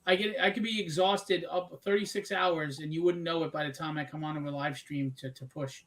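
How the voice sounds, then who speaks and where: A man's voice: a little high, fairly even intonation, fairly quick, fairly bright tone. A man hosting a casual live stream, chatty and upbeat, joking about himself as he shows viewers' art. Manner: chatty and upbeat, self-mocking. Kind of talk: casual chat.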